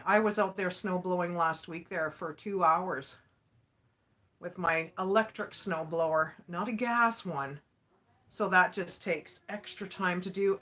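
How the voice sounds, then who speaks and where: A woman's voice: lowish voice, fairly bright tone. A woman from Alberta hosting a casual livestream while crafting, chatty and folksy, laughing often. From Alberta, Canada. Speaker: livestream host.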